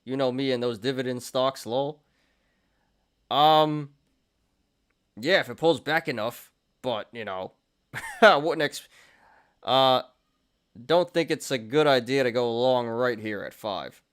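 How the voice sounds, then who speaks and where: A man's voice: medium pitch, slow pace, long pauses, clean tone. A young man hosting a market show, chatting casually through charts, often laughing and restarting his sentences. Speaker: stock and crypto show host.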